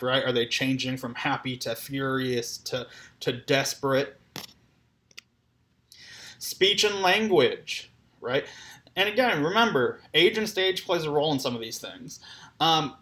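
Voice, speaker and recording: A man's voice: medium pitch, sharp tone. A man giving a conversational lecture on clinical assessment, often checking in with "right?". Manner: conversational, keeps asking "right?". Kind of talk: recorded lecture.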